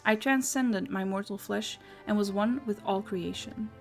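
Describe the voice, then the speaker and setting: A woman reading a game townsperson's dialogue aloud in a measured, storytelling way. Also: mid-range voice, vocal fry, a little mellow, soft background music. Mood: wistful.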